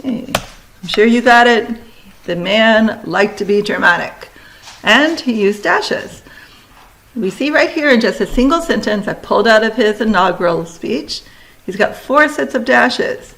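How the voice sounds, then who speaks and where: A woman teacher giving a recorded lesson, talking students through steps in brisk, directive instructions. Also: fairly high pitch, expressive, a bit bright, low-quality recording.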